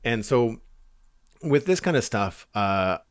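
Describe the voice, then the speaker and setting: A man's voice: mid-range voice, big pitch swings, slow, clear, resonant tone, dry recording, studio quality. A man from Canada, co-hosting a casual podcast, reading listener mail and chatting easily. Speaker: podcast co-host.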